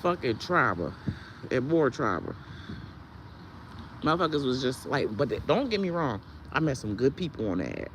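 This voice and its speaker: A woman's voice: rumbling low, sing-song, moderate pace, pauses often, a little hiss or hum. A woman who sells herbal products, ranting on her vlog in a heated, blunt, profane way. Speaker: herbal products seller and content creator.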